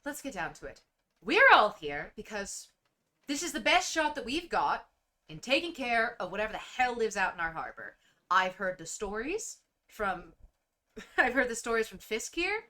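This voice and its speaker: A woman's voice: fairly high pitch, sing-song, moderate pace, sharp tone. A woman voicing a brusque woman mayor in a tabletop game, talking bluntly and giving orders. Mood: commanding. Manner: blunt, commanding. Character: brusque woman mayor who drags people around.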